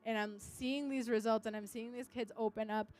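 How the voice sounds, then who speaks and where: A woman's voice: a little high, steady tone, normal speed, a little mellow. Earnest young woman telling a story. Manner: earnest storytelling, acting out quotes. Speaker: English teacher. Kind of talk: personal testimony.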